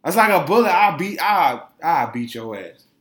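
Man, podcast co-host, emphatic profane ranting, slightly high voice. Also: big pitch swings, moderate pace, fairly bright tone, roomy sound. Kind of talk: casual chat.

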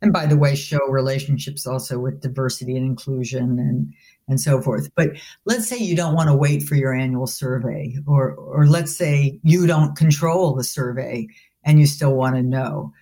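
This woman, a business school professor of leadership, is a guest answering interview questions in a thoughtful, explanatory manner, repeatedly restarting phrases and using "you know." She has a mellow bass voice at normal speed.

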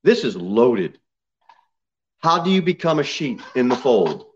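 A man's voice: very animated, unhurried. Emphatic preaching man, slightly muffled. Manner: emphatic preaching, reading scripture aloud, rising to loud high peaks. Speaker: pastor. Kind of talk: sermon. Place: church sanctuary. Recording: slightly dull church recording.

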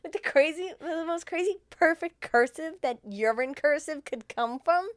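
A woman's voice: high-pitched, animated, normal speed, no room sound, studio quality. A woman co-hosting a comedy podcast, recapping a film in crude, laughing chat and acting out the lines.

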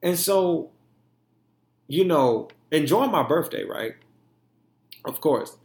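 In an echoey room, a young podcast host delivers a candid monologue in a slightly high, expressive, slow voice that is gravelly yet a little mellow. He speaks emphatically and often profanely, acting out the way he talks to himself.

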